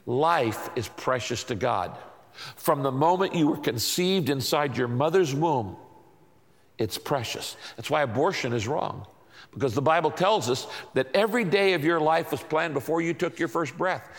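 A man's voice: a little high, lively intonation, normal speed. A male pastor giving a sermon. He uses an emphatic, repetitive teaching rhythm and keeps asking rhetorical questions. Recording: long hall reverb.

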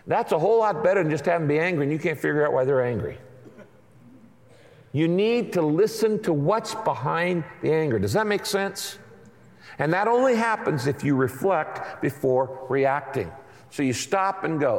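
A man's voice: a little high, animated, normal speed. Man preaching in a reverberant hall. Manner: conversational preaching with acted-out asides. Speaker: pastor. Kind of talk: sermon. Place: large church auditorium.

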